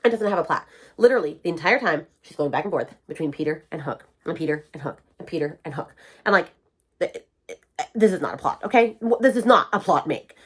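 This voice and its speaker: A woman's voice: low-pitched, a little fast, husky. A woman, talking casually in a reading vlog, ranting about books and quoting characters. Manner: animated, ranting, quotes characters in voices. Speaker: book vlogger.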